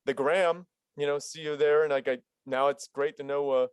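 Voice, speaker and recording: A man's voice: on the high side, steady tone, moderate pace, smooth, no room sound. Joking man on a close home mic. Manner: loose, joking, playful storyteller. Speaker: podcast guest, vocalist. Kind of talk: casual chat. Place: home studio. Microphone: studio dynamic mic at home.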